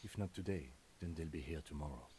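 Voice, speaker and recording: A man voicing a calm, methodical police partner in a measured, quiet delivery. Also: rumbling low, noisy background.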